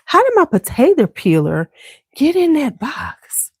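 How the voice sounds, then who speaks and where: A woman's voice: on the high side, very animated, unhurried, husky, no room sound. Woman, casual livestream chat, chatty and loose, swears freely, dry clip-on mic sound, at home. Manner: chatty, swears freely, talks straight to viewers. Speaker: beauty channel host.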